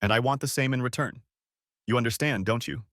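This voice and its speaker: A man's voice: medium pitch, a little fast, fairly bright tone, no room sound, clean studio sound, lightly acted. A man reading a storybook part, voicing a composed adult woman who reasons in a restrained, slightly reproachful way. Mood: persuasive. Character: composed cheating wife, adult woman, coolly persuasive.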